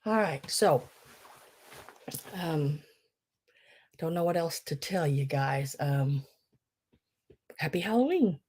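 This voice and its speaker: A middle-aged woman runs a casual live-stream sale in a somewhat low voice. She chats easily, greets viewers by name, and fills her talk with ums and restarts as she explains how the bidding works. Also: slow pace, long pauses, darkish tone. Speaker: online live-sale seller.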